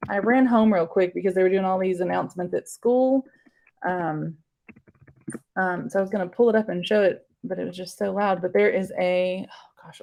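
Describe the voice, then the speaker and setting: A woman's voice: medium pitch, gravelly, a little mellow. A woman teacher, giving a casual live online workshop in a chatty, rambling way, full of fillers.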